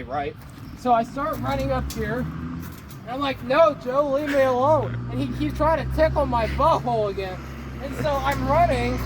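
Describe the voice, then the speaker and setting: A man giving a joking mock tutorial outdoors on a playground, playful and giggly, filmed on a phone. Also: very high-pitched. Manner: playful, giggly, over-the-top. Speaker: vlogger. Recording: noisy outdoor phone recording.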